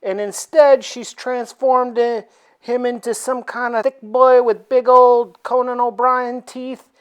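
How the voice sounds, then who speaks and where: A woman recaps a comic book in a loose, irreverent way, cracking jokes and filling pauses with "uh." Her voice sits a bit above the usual for women. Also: a little high, little pitch movement, clear, resonant tone. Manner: irreverent, joking, filler-laden.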